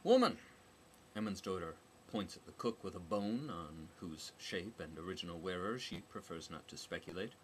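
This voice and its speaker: A man's voice: low-pitched, normal speed, hardly any pauses, fairly bright tone, slight background noise. A man narrating a novel as an audiobook, with a dry, wry delivery.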